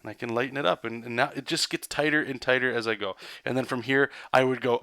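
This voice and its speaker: A man's voice: mid-range voice, fairly even intonation, quick pace, few pauses, pushed and bright, smooth, no room sound, studio quality. A man, a comic artist, giving a loose, rambling live drawing lesson. He talks casually, swears, and keeps checking in with "right?" and "okay?".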